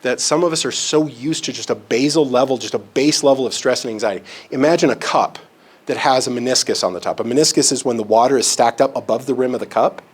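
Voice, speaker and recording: A man's voice: mid-range voice, fast talker, husky. A man giving a live presentation in a conference room, talking conversationally, often checking in with his listeners and using homely examples and self-deprecating humor. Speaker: presenter on relationships and counseling.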